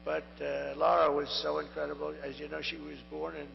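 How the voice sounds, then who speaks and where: Speaking briskly in a completely flat, creaky, fairly high voice, a man in his 70s delivers a campaign rally speech that rambles, repeats itself and drifts into boasts; his voice sounds strained and tired. The audio is a dull, echoing hall feed from a large rally venue, with hum.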